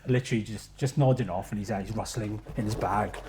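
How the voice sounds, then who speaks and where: A man, a podcast guest telling a running story casually, animated and swearing freely. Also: fairly low pitch, fast talker, heavy background noise. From South Wales. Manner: animated, swears freely, acts out his own quotes. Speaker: podcast guest, ultra runner.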